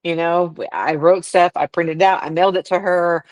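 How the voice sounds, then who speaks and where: A woman with a deep, low-pitched voice talks as a podcast guest. She chats freely and from the heart, with easy laughter between her stories. The sound is close and dry. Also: steady tone, normal speed, no room sound. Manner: chatty, heartfelt storytelling with frequent laughter. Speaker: author guest. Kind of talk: casual podcast interview.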